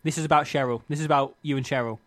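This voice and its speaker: A man hosting a podcast, narrating an improvised comedy game as game master in a deadpan way and often laughing. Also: on the high side, racing, dry recording.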